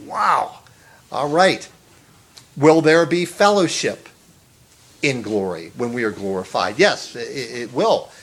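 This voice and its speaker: A man's voice: mid-range voice, sing-song, takes it slowly, pauses often, fairly bright tone, husky. Man preaching an earnest sermon. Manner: earnest, emphatic preaching with repeated words and rising exclamations. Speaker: pastor.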